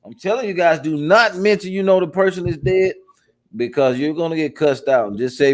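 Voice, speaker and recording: A man's voice: on the high side, a little fast. A man hosting a live webinar, chatty and affirming, telling stories of cold calls. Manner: chatty, affirming, laughs along. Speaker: host.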